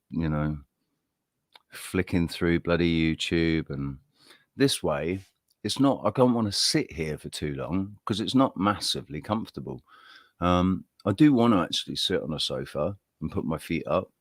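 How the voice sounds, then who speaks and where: Low-voiced english guy rambling on a live stream, dry close sound. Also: no echo. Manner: rambling, friendly, greets viewers by name. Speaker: livestream host. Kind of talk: casual live-stream chat.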